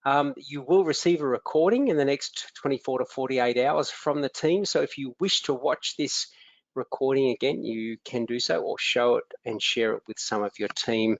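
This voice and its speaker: A man's voice: mid-range voice, normal speed, no echo. An Australian man hosting a live webinar as a business coach, upbeat, greeting attendees by name with frequent ums. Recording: dry, dull lo-fi webinar audio.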